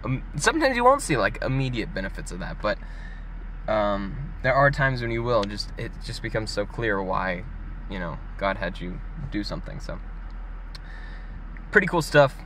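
A young man talking casually to camera in a vlog, chatty and animated, laughing often. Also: fairly low pitch, normal speed, a little hiss or hum. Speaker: vlogger. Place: gym parking area.

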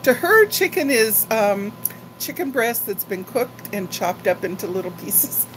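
A woman's voice: mid-range voice, very animated, unhurried, noisy background. An older woman chatting casually and rambling on a live-stream haul video, talking like a grandmother. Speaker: vlogger.

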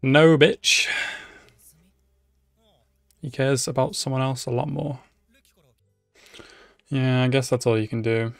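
A young man giving casual, excitable anime reaction commentary, swearing freely and talking back at the screen. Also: medium pitch, takes it slowly, vocal fry, pauses often, no echo, soft background music. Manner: excitable, swears a lot, laughs and shouts at the screen.

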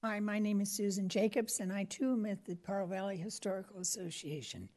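A woman speaks at a city council chamber podium in a chatty, rambling way, tumbling from one story to the next. Her voice sits at an everyday middle pitch. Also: fairly quick, a little mellow. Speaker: historical association member. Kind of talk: public comment at a city meeting.

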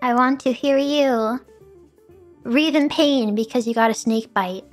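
A woman hosting a casual card-game stream with friends, giggly and animated, often laughing and squealing. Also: on the high side, a little slow, soft background music. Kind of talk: casual gaming chat.

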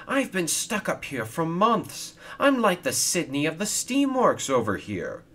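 A man voicing an impatient, excitable young male steam engine in a storybook reading, with an eager, high-strung delivery. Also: a little slow, exaggerated voice. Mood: restless.

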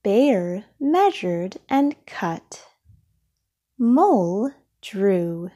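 A woman reads a children's storybook aloud at a very slow, deliberate pace. Her voice rises and falls a great deal, with a mellow, slightly husky tone. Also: mid-range voice. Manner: slow, expressive, sound effects whispered. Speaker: storybook reader. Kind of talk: children's read-aloud narration.

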